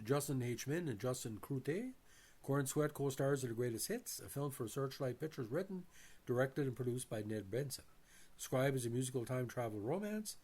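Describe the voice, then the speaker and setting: Halting man hosting a movie review. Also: mid-range voice. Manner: halting, frequent "uh" fillers and restarts; addresses viewers as ladies and gentlemen. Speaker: movie review channel host. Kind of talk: reading a bio then offering opinions.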